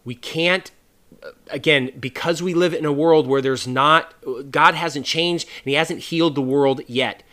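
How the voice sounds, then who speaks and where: A man hosts a faith podcast in a loose, earnest monologue. He talks at a slightly higher pitch with a bright, forceful edge, and often stops to restart a thought or add a filler. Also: unhurried. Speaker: podcast host.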